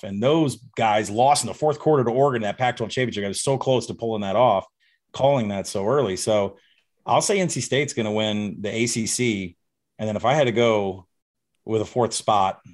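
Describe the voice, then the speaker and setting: A man from Arkansas, a betting guest on a podcast, giving confident, emphatic predictions in casual chat. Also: on the low side. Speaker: college football betting guest.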